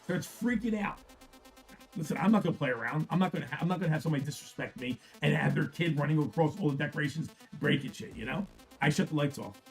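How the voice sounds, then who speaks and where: A middle-aged man with a Philadelphia accent, telling a rambling story on a livestream, swearing freely and often restarting his sentences. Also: fairly high pitch. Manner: rambling, profane, frequent restarts. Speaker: card break host. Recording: faint music behind.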